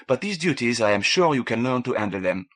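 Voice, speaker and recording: A man's voice: mid-range voice, sing-song, brisk. A man voicing a kind, formal woman spacer with a French accent, in a read audiobook. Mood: welcoming. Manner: gentle, old-fashioned courtesy.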